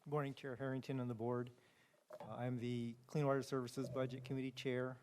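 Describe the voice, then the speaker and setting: A man's voice: mid-range voice, little pitch movement, a little fast, a little mellow, slight background noise. A man giving a brief formal statement as budget committee chair.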